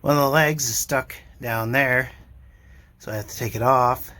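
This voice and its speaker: A man's voice: medium pitch, steady tone, normal speed, pushed and bright. An older man narrating his own work on a boat engine, dry and self-deprecating, with lots of fillers. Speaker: boat owner doing a motor refit. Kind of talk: casual narration while working. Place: inside a sailboat cabin.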